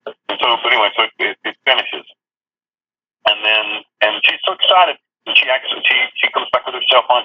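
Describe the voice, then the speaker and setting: A man's voice: medium pitch, fast talker, a little hiss or hum. Man rambling over a tinny phone line. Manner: rambling, many restarts and fillers, crude. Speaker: storyteller recounting prison life. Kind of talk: casual spoken anecdote. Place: prison. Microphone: telephone.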